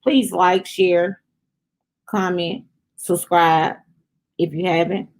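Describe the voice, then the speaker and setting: Slow-talking woman recapping a TV episode. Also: on the low side, steady tone. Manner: chatty, addresses viewers as "y'all". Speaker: show review host.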